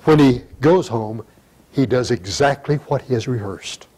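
An older man giving a sermon, reading scripture in old-fashioned wording and breaking into sudden loud emphatic rises. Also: mid-range voice, a little slow, husky, poor audio. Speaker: pastor.

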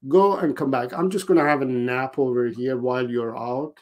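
A man's voice: mid-range voice, fairly even intonation, normal speed, a little mellow, lightly acted. A man voicing a pet dog that speaks its thoughts to its owner in plain conversational words. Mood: calm, reassured.

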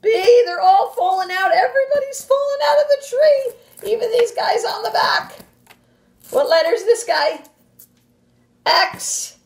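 A woman teacher reading a picture book aloud to young children, animated and expressive, with gasps and playful sound effects. Her voice is high, and her delivery is slow and deliberate. The recording carries a roomy echo.

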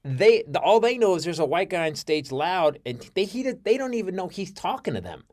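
A man with an American accent, a comedian telling stories in a casual interview, swearing freely and acting out quoted lines loudly and high. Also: a little fast. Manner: profane, excitable, acts out quotes with big jumps in pitch and loudness. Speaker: comedian guest. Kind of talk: animated storytelling in casual interview.

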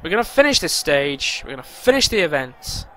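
A man's voice: fairly high pitch, big pitch swings, fairly quick, fairly bright tone, slight background noise. A man giving let's play commentary, talking anxiously to himself and swearing. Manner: anxious, swearing self-talk. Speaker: gaming commentator. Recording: game music behind. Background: racing game music.

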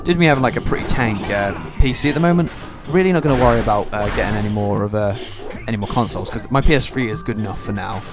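A man's voice: fairly low pitch, very fast, hardly any pauses. A young man giving casual, rambling, joking commentary while he plays a video game. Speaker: gameplay commentator. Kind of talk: casual let's play commentary. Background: game music.

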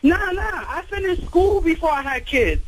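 Woman, radio caller, mother, very high voice, proud. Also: animated, moderate pace, rough recording. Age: adult mother.

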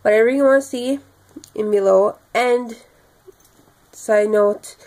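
Young woman vlogger, tired, monotone delivery, slow pace, lots of ums. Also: on the high side. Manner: monotone, many fillers. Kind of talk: casual vlog sign-off.

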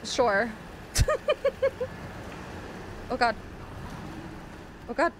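A woman's voice: a little high, very slow, noisy background. A young woman gaming streamer giving casual let's play commentary, playful and self-mocking, with frequent exclamations.

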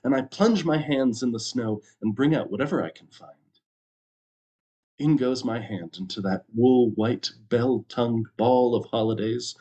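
A man, a minister, reading a story aloud at a church service with an expressive storytelling delivery. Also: mid-range voice.

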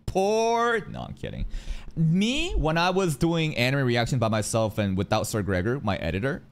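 Male streamer, casual commentary, mid-pitched, very expressive intonation, profane and animated. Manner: animated, swearing, jumps into high mocking voices. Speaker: reaction streamer. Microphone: studio dynamic mic.

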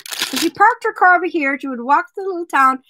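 A woman's voice: extremely high pitch, lively intonation, fast, noisy background. A woman selling jewelry in a casual vlog, chatting playfully and telling a joke to viewers she names. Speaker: jewelry seller.

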